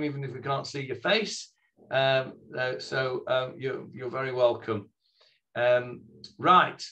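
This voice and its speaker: This is a man teaching a scripture class over a video call. His voice sits a little high, and he speaks in a friendly, halting way, circling back and filling gaps with ums. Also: a bit bright. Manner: hesitant, many fillers and restarts, friendly. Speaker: Bible teacher leading a class. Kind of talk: online Sunday morning scripture class.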